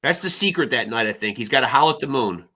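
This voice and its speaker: A man's voice: mid-range voice, expressive, quick pace, sharp tone. A man co-hosting a boxing podcast, loose and joking, swearing freely in casual banter. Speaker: podcast co-host.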